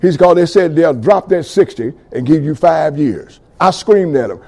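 Middle-aged guy preaching his story, kinda high mellow voice, lots of "amen" and "y'all know". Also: expressive, moderate pace, vocal fry, few pauses. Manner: call-and-response with audience, rising fervor. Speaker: preacher giving testimony. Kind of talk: testimony sermon.

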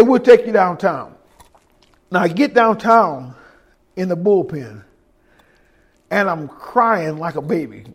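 Preaching his testimony, this middle-aged man tells a story and performs the voices of others, shifting from hushed tones to loud ones. His voice is high-pitched and slightly rough.

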